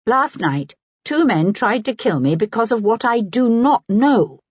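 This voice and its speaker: A woman voicing a proud, insistent young gentlewoman in an audiobook, speaking in a haughty manner. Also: on the high side, lively intonation, measured pace, husky, dry recording, muffled recording, pitched above the performer's own voice.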